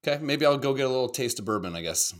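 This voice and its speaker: Animated, profane man hosting a stream. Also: medium pitch, racing. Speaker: co-host. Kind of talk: casual livestream video reaction chat.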